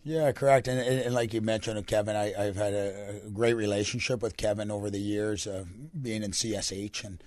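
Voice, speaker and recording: A young Canadian man, a hockey coach with a deep, raspy voice, answering radio interview questions in a relaxed, rambling way. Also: a little fast, hardly any pauses, dry recording. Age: young adult. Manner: relaxed, rambling answers with many fillers and restarts.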